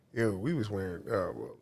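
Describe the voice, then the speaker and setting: Excitable man on a podcast. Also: on the low side, measured pace, vocal fry. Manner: excitable, profane, acts out quotes loudly. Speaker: podcast co-host. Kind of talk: casual chat.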